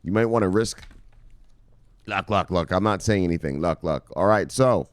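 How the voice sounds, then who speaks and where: A man presenting crypto news in casual, profane commentary, rambling and swinging from loud outbursts to muttered asides. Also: low-pitched, normal speed, no echo.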